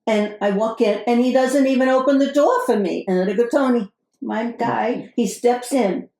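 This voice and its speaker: A woman's voice: a little high, moderate pace, dark tone, a little hiss or hum, lightly acted. A woman playing an exasperated middle-aged Brooklyn wife in a put-on New York accent, complaining animatedly in an improvised comedy sketch. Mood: indignant. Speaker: podcast co-host in character. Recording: roomy echo.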